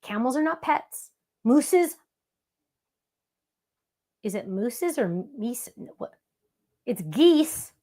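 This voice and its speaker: A woman's voice: fairly high pitch, expressive, takes it slowly, a little mellow. A woman hosting a live craft demonstration, chatting playfully with viewers in the chat as she works. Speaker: crafting show host.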